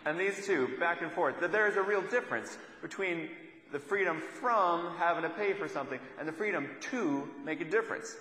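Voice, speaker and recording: A man's voice: fairly high pitch, fairly quick, pushed and bright, roomy sound, in a large hall, rough recording. A young adult man giving a sermon, telling a story in a conversational way and repeating lines for emphasis. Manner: storytelling, conversational with rhetorical repetition. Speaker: preacher.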